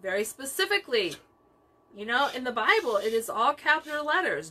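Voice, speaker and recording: A woman's voice: a little high, very animated, a little fast, pushed and bright. A woman leading a Bible study, teaching with emphatic repetition of key phrases.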